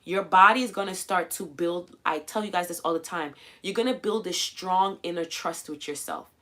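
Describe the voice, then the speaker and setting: A woman hosting a livestream, coaching viewers in a casual, animated way and acting out quoted voices as she goes. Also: fairly low pitch, normal speed. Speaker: livestream host. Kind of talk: casual motivational livestream talk.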